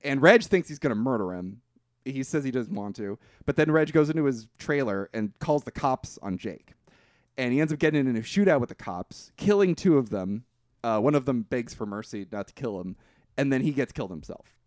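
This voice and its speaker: Swearing liberally and often starting sentences over, a man recaps a movie's plot while co-hosting a laid-back podcast. He's expressive and brisk, with a mid-range, darkish voice, recorded in clean studio audio free of room sound.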